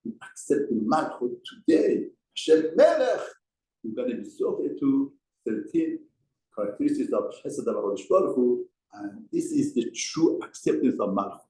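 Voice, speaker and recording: A man's voice: mid-range voice, dark tone, reverberant, low-quality recording. A man giving a mussar lesson as a rabbi, speaking emphatically and asking rhetorical questions. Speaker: rabbi teaching a Torah class. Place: study hall.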